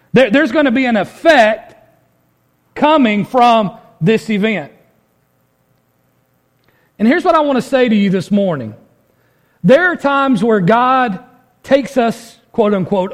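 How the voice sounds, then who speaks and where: Pastor, male, fairly high voice, preaches conversationally with lots of rhetorical questions. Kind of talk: sermon.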